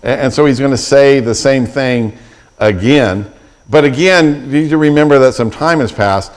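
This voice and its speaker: A man's voice: medium pitch, normal speed. A middle-aged man preaching a sermon as pastor, retelling scripture with vivid, acted-out quotes and frequent restarts.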